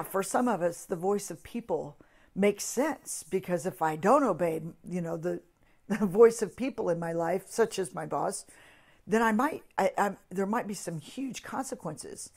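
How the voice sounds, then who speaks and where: A woman's voice: lowish voice, a little mellow. A woman giving a short devotional talk for a ministry, earnest, often repeating and restarting phrases as she builds emphasis. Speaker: ministry speaker.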